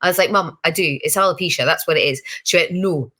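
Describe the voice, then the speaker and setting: A woman in her fifties chatting as an interview guest, telling lively stories with frequent laughs and acted-out quotes. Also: on the low side, fast. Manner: chatty storytelling, laughs often, acts out quoted voices. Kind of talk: casual interview chat.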